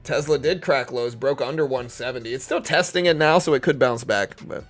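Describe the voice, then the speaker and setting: A man's voice: mid-range voice, fairly quick, faint music behind. A young man from Louisiana with a Southern accent, chatting casually and giving live market commentary. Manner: laid-back, chatty, uses lots of fillers. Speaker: live stream trader.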